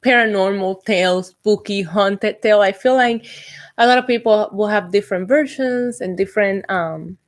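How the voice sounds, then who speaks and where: A young woman from Puerto Rico hosting her own vlog, chatting and telling a spooky story in an excitable way, with ums and asides. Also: medium pitch, moderate pace. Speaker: YouTube host.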